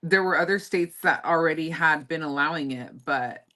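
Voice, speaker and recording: A woman chatting casually on a livestream, talking in a relaxed, conversational way to her viewers. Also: sits low, normal speed. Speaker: livestream host.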